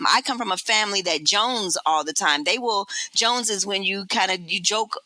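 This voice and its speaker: A woman hosting a podcast, talking candidly in a casual, storytelling way with quick asides. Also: mid-range voice, sharp tone, no echo, poor audio. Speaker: podcast host. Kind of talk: casual chat.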